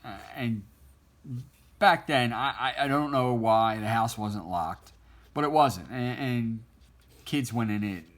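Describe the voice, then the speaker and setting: Slow and a bit bright, a middle-aged man's mid-range voice drifts through a childhood story as he draws on stream. He tells it casually, rambling and laughing often.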